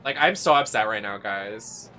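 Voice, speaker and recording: A game streamer giving campy, sassy, playful live commentary with loud gasps and squeals. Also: medium pitch, animated, normal speed, soft background music. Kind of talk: live let's-play commentary.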